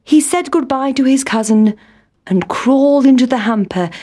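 A woman reading a children's storybook aloud in a gentle, expressive way. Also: high voice, moderate pace.

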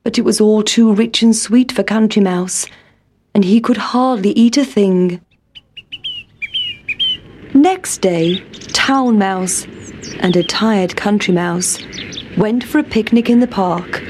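A woman reading a children's story aloud in a gentle, clear storybook manner. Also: mid-range voice, slow pace, long pauses, background noise.

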